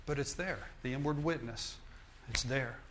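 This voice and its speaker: A man's voice: medium pitch, moderate pace, a bit bright, a little hiss or hum. A male minister preaching a sermon in an emphatic, repetitive style, often restarting his phrases.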